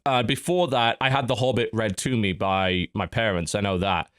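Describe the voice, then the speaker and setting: A man's voice: on the low side, moderate pace, fairly bright tone, clear, resonant tone. A man hosting a podcast in casual chat, telling stories with lots of restarts. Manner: chatty storyteller, many restarts. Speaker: podcast host.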